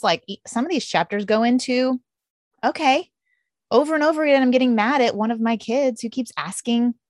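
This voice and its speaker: A woman's voice: a little high, a little mellow, dry recording, clean studio sound. A woman in her thirties, a mother and guest, chatting animatedly and voicing her own past thoughts in quotes. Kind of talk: podcast conversation.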